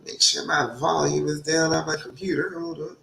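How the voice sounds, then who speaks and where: A woman's voice: low-pitched, flat delivery, normal speed, creaky, a bit bright, slight background noise. A woman coaching on relationships, hosting a casual livestream, chatty and greeting viewers by name, her voice still recovering from a cold. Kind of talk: casual live-stream chat. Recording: roomy echo.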